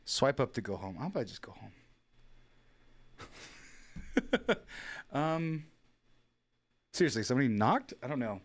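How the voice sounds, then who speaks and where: Hoarse, rambling man hosting a show. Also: mid-range voice, lively intonation, fairly quick. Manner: rambling, joking, swears. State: hoarse, out of breath. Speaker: podcast host. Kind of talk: casual chat.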